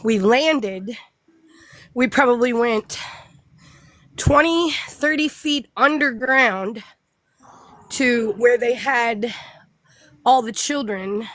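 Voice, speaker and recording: Woman, unhurried rambling talker with a raised pitch, casual group chat, often restarting sentences. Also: a bit bright, no room sound. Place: outdoors by her hen coop.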